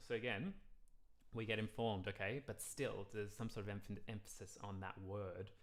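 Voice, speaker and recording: A man's voice: fairly low pitch, fairly even intonation. A man teaching a live music theory lesson, counting beats and scat-singing rhythms to explain a song. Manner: sings example lines slowly.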